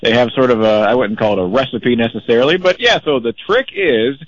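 A man's voice: medium pitch, animated, a little fast, no echo, highs cut off. A man calling in as a regular correspondent on a radio show, upbeat and rambling as he tells a story. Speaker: traveling correspondent. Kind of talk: call-in radio segment.

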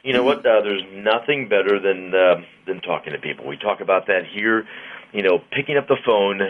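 A car dealer chats on the air in a playful, teasing salesman's way. His voice sits on the low side and comes through thin and boxy, like a phone call. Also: animated, a little fast. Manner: jokey, playful salesman patter. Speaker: car dealership owner on a radio segment. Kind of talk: casual radio banter. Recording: tinny phone line.

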